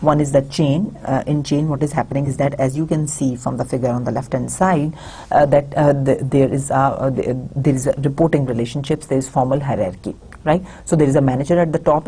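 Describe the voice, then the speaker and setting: A woman's voice: very deep voice, mellow, slight background noise. A woman with a Pakistani English accent giving a recorded university lecture, talking hesitantly with many fillers and restarts.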